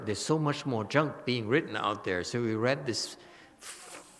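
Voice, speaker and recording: A man with a Vietnamese-accented English giving a Buddhist retreat lecture, halting and repeating words, often checking with "okay?". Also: mid-range voice. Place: temple hall. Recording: long reverb of a hall.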